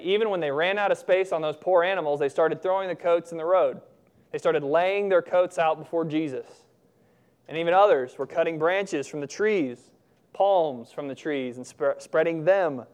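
A young man preaching a sermon in a relaxed, conversational way, with humorous asides. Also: on the high side, smooth. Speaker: pastor.

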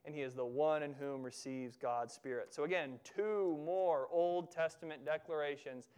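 Emphatic male pastor, clear voice. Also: a little high, darkish tone. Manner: emphatic, repeats phrases for effect, slows on key words. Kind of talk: sermon.

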